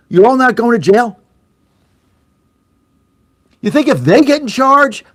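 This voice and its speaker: Fired-up, high-pitched angry talk host. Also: male voice, no room sound, studio quality. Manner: angry, sarcastic, mocking voices of opponents; blunt, swears, repeats for emphasis. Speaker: radio talk show host. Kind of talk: fiery political talk radio rant.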